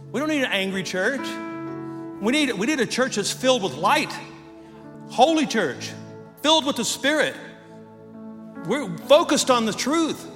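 A man's voice: sits high, long reverb tail. A man preaching a sermon as pastor, telling a story and then leading prayer, from Texas. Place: church sanctuary.

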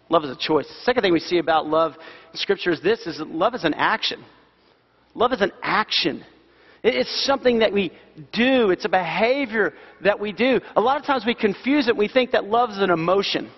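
A middle-aged man preaching a sermon in a church, animated and repeating key phrases for emphasis. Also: high voice. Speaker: pastor. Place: church sanctuary. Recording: dull sound with long hall reverb.

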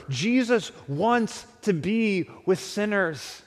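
A man's voice: very high-pitched, big pitch swings, measured pace. A man preaching a conversational sermon, often acting out imagined dialogue. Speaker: pastor. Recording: long hall reverb.

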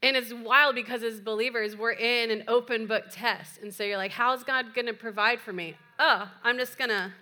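A woman's voice: fairly high pitch, pushed and bright. A woman pastor preaching a sermon in a chatty, playful way with joking asides. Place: church.

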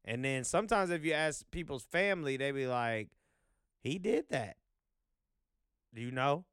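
A man's voice: mid-range voice, animated, measured pace, fairly bright tone, clear, resonant tone, no echo, studio quality. A man hosting a vlog, talking in a loose, profane, rambling monologue full of fillers. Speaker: vlog host.

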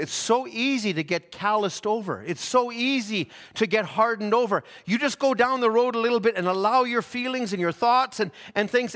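A man's voice: extremely high pitch, sharp tone, long reverb tail. A man preaching a sermon in a fervent way, often stumbling over restarts and repeated words.

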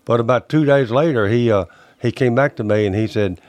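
A man, telling his memories in a folksy, halting way as an interview guest. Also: medium pitch, darkish tone, no room sound. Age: 80s. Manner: plainspoken, folksy, halting storyteller. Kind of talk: recounting personal memories.

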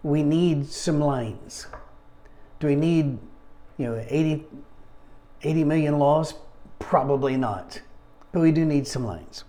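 A man leading a casual Bible study, talking conversationally with wry asides and frequent throat-clearing. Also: a little high, unhurried, long pauses, mellow.

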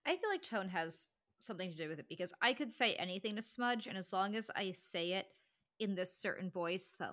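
A woman co-hosting a podcast in casual chat, animated and full of filler words. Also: medium pitch, moderate pace. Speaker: podcast co-host.

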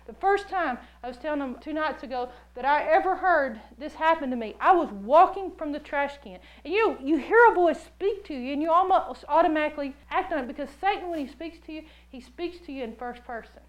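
A woman preaches a sermon in a high voice. She tells stories in an animated, joking way and acts out the voices of the people she describes. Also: a little fast, hardly any pauses, poor audio. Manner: jokey, laughs often.

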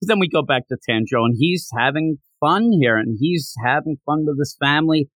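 A man co-hosting a podcast, chatting casually about a manga chapter and acting out characters' lines in quick voices. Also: a little high, fairly bright tone, no echo. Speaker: podcast co-host.

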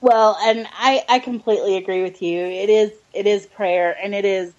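A woman's voice: mid-range voice, steady tone, moderate pace, darkish tone. Earnest woman sharing a faith testimony. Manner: earnest, hesitant storytelling with many fillers. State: close to tears. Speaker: podcast guest, adoptive mother. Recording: dull lo-fi audio.

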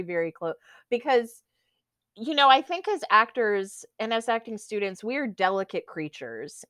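Animated young woman telling stories. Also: fairly low pitch, smooth, no room sound, studio quality. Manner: animated storyteller, imitates teachers. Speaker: guest actor. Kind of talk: casual chat.

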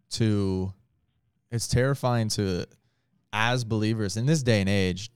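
A man's voice: lowish voice, smooth, no echo, studio quality. A man who is a pastor, talking casually and earnestly with lots of filler words. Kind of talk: casual podcast talk.

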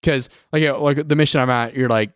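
A man co-hosting a podcast in casual chat, rambling with lots of "like" fillers and slipping into quick impressions. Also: mid-range voice, dry recording, clean studio sound. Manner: rambling, many "like" fillers, animated impressions of characters. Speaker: podcast co-host.

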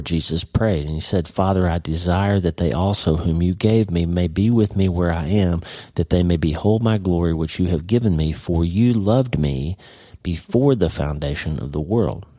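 A man from Oklahoma giving earnest devotional Bible teaching on his podcast, slowing down to stress key phrases. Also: low voice, dark tone, no room sound. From Oklahoma, United States. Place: ranch.

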